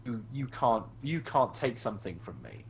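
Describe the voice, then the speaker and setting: A man's voice: medium pitch, expressive, normal speed, slight background noise. A man in a casual online group discussion, talking heatedly with swearing and mocking the voices of people he argues against. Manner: heated, profane, mimics opponents in mocking voices.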